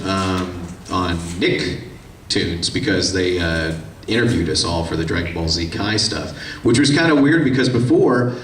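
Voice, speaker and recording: Chatty man, low, echoey hall. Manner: chatty, animated, acts out quoted voices. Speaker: voice actor on a convention panel. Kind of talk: casual storytelling with audience questions. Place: convention panel room. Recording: echoey room, distant mic, faint hiss.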